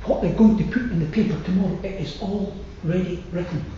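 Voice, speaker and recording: Man, sermon, measured emphatic delivery, hushed phrase endings, very reverberant hall, muffled lo-fi sound. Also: high-pitched, a little hiss or hum. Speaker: preacher. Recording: very echoey hall, slightly dull sound.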